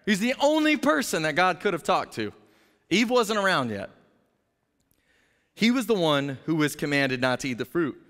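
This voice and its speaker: A man preaching a sermon as pastor, telling a story in an energetic, jokey way and acting out the characters' voices. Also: on the high side, moderate pace, long pauses. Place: church sanctuary. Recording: long hall reverb.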